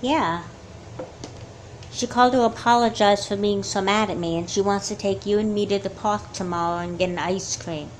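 A woman's voice: medium pitch, fairly even intonation, moderate pace, slight background noise, natural voice. A woman voicing earnest young girl Madison. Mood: sincere. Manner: talks in long earnest explanations. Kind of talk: homemade doll movie acting.

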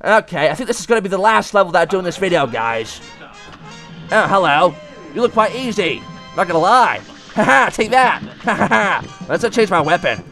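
A man voicing an excitable male cat, commenting on a game, yelping and talking back to the bosses. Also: sits high, exaggerated voice. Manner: yelps and screams, talks to the bosses. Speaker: let's play gamer.

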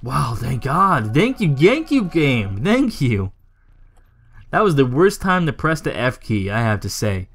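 A young man commentating his own game play, joking, swearing and talking back to the game, his voice jumping high when he gets irritated. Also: measured pace, breathy edge, faint music behind. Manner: excitable, swings into high yelps when irritated; jokey, swears, talks to the game. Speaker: gaming YouTuber.

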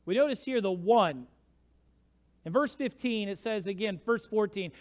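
A man preaching a sermon as pastor, telling the story with swings from hushed to shouting. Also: sits high, expressive, normal speed. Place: church sanctuary. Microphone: livestream church mic.

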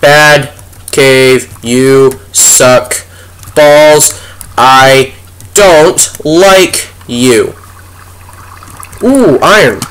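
A man's voice: medium pitch, extremely slow, pauses often, fairly bright tone, clean tone. A young man giving goofy, chatty let's play commentary as a gaming video host, talking to the animals in the game. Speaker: gaming YouTuber.

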